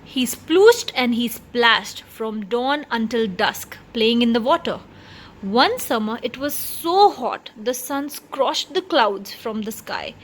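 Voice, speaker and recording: A woman reading a children's picture book aloud in an expressive storytelling voice. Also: on the high side, slow pace. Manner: expressive, shifting pace.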